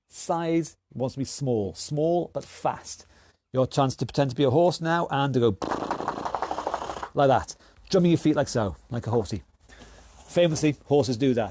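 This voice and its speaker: A man's voice: mid-range voice, mellow, slight background noise. A man leading an online exercise class, counting down rounds and calling out moves with encouragement. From United Kingdom. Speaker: fitness instructor. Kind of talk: online workout class coaching.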